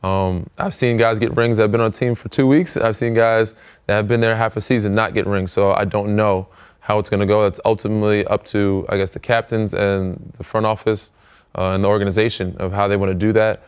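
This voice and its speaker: Here a pro basketball player in his thirties, an American who hosts a podcast, talks in a clean-toned, lowish voice, fairly quickly. The chat is laid-back and meandering, peppered with fillers.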